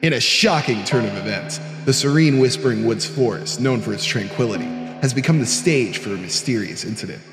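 A young man putting on a lowered, measured newscaster voice to read an in-game news report. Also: animated, roomy sound, in a large hall, over music, lightly acted. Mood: solemn. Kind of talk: reading an in-game news note aloud.

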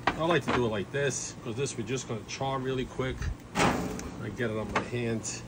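A man giving a relaxed, chatty cooking demonstration, talking viewers through each step with lots of fillers and asides. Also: medium pitch, normal speed. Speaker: home cook showing a recipe. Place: kitchen, then an outdoor backyard grill. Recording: outdoor background noise.

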